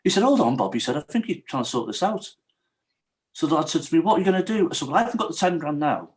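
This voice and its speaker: A man's voice: fairly high pitch, big pitch swings, quick pace, rough recording. A man, a podcast guest, telling a true story in a casual interview and acting out the quoted dialogue.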